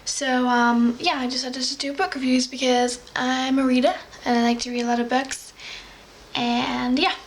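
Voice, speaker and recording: A young woman with an English accent that has picked up a slight American tinge chats about books in a loose, rambling way. Her voice sits fairly high but stays flat and even. A faint hiss runs under the recording. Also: normal speed, poor audio. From England. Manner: rambling, with many fillers and giggles. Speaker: book vlogger. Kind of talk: casual chatty monologue.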